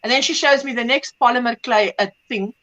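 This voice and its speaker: A woman's voice: fairly high pitch, a little fast, a little hiss or hum, low-quality recording. A middle-aged woman hosting a livestream, chatting casually and acting out the voices in her stories. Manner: animated storyteller, acts out quoted voices. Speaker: livestream host. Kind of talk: casual chat.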